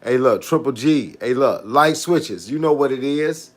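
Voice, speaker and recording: On a casual livestream, a fitness coach with a somewhat high, fairly bright voice chats with his viewers in a laid-back way. He often opens with "hey, look" and reads out and answers their comments, speaking at a normal speed with few pauses.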